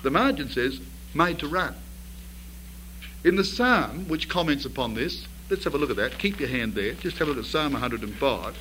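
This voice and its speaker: A man's voice: medium pitch, big pitch swings, normal speed, bright, forceful tone, slight background noise, low-quality recording. A man preaching a sermon to a congregation. He tells the story vividly, asks rhetorical questions and builds to emphatic bursts.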